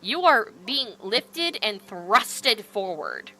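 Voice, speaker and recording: A woman narrating a tabletop game as game master, in an animated way with lots of fillers. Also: mid-range voice, takes it slowly, poor audio.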